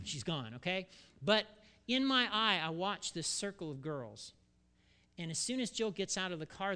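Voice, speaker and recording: A middle-aged man preaching a sermon as pastor, telling a story with sudden loud bursts and quiet asides. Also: on the high side.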